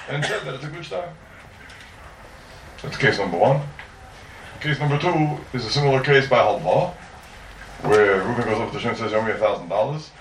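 A man lectures a Talmud class and argues through cases with rhetorical questions. His voice sits at an ordinary pitch. He is heard from some distance in a roomy, echoing space with faint background noise. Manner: lively, rhetorical questions, mixes Hebrew and Aramaic terms. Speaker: Talmud teacher. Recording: roomy echo, mic far off, faint noise.

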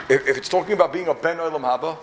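Man, rabbi's talk, gravelly voice, rapid delivery. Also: fairly high pitch, slight background noise. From Borough Park, New York. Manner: emphatic, repetitive, wry asides. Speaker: yeshiva rabbi. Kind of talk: yeshiva talk.

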